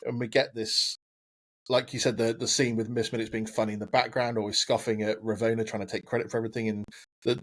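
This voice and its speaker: A man's voice: on the low side, little pitch movement, quick pace. British man hosting a chatty podcast. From Britain. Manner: rambling, laughs often, many fillers. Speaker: podcast host. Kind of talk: casual podcast chat.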